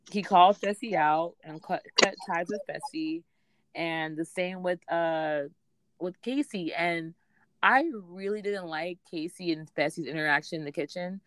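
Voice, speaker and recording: A low-pitched woman talks in a casual, opinionated way and acts out what other people said. She sounds close and dry, with no room around her. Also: no room sound. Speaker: podcast co-host. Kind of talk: casual chat recapping a reality show.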